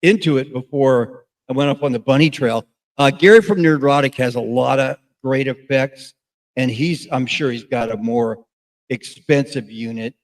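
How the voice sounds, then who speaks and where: A man's voice: medium pitch, normal speed. A middle-aged man giving a casual, rambling gear review as a radio host, with many fillers and restarts.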